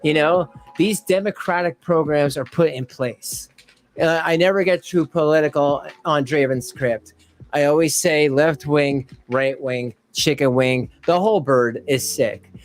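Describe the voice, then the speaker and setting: A man's voice: a little high, a little slow, low-quality recording. Rambling man hosting a livestream. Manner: rambling, laughs often, self-interrupting. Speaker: livestream commentary host. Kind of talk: casual livestream chat, reading chat aloud.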